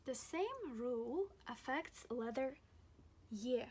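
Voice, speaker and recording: A young woman teaching a pronunciation lesson, speaking slowly and deliberately and repeating each example word several times. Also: sits high, expressive, a little mellow, breathy edge. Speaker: language teacher.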